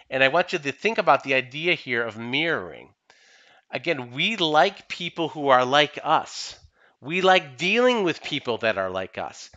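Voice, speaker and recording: A man's voice: on the high side, sharp tone, lo-fi sound. A man, a company CEO, giving an instructional talk and repeating key phrases for emphasis. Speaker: company CEO presenting training. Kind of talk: instructional talk on workplace skills.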